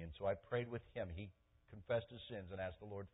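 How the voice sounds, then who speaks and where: A male pastor preaching a sermon, telling a story and swinging from hushed tones to loud, excited peaks. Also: fairly low pitch, quick pace, slightly rough, narrow, tinny audio.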